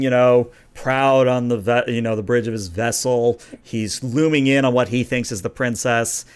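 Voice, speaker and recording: Brief: male game master, relaxed and chatty, mid-pitched, explaining rules and narrating. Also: clean tone.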